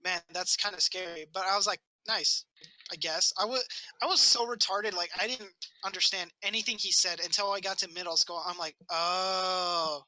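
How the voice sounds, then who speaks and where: This co-host's high, sharp voice moves briskly as he rambles through a childhood story on a casual podcast, cursing often and acting out what people said. The recording is dry and rough.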